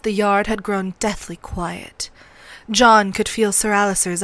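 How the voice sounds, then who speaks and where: A woman narrating a novel aloud in a measured, steady read-along style, close to the mic. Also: mid-range voice, no echo.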